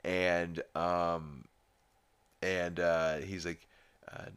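A man's voice: low-pitched, little pitch movement, drawn-out words, a bit bright, clear, resonant tone. A man hosting a podcast, recapping a cartoon episode in a rambling, profane, laid-back way. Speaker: podcast host.

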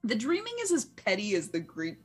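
A woman's voice: medium pitch, wildly swooping pitch, fairly quick, a little mellow, faint music behind. A woman playing in a tabletop game, giggling and exclaiming often. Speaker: player. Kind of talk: casual tabletop game chat.

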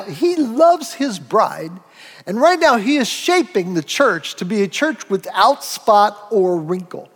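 A man preaching a sermon, animated, acting out quoted voices and asides. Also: sits high. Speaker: pastor. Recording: long hall reverb.

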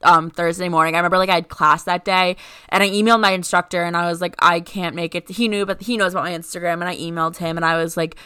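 A woman's voice: fairly low pitch, level tone, fast, bright, forceful tone, clear, resonant tone, no echo, studio quality. A young woman co-hosting a podcast, telling a story in casual chat and filling it with "like". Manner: rambling, heavy use of "like". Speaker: podcast co-host.

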